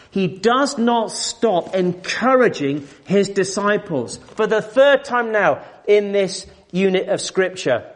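A man preaching an expository sermon, emphatic and full of rhetorical questions, building up and dropping back in volume. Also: high-pitched.

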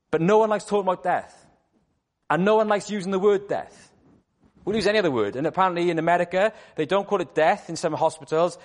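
A man gives a sermon with earnest conviction. He presses his listeners with rhetorical questions and repeats key words to drive his points home. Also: a little high. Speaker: preacher.

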